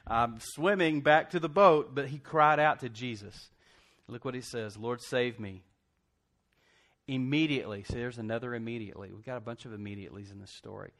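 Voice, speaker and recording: Animated preacher. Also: male voice, medium pitch, fairly quick, creaky. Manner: animated storytelling, laughs often, acts out quotes; folksy, conversational preaching. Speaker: pastor. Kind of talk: sermon.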